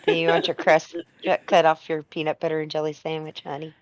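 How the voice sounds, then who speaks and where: A woman's voice: deep voice, level tone, brisk, close to an everyday voice, rough recording. A woman doing a cooing, doting mother. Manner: cooing, fussing. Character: doting middle-aged mother.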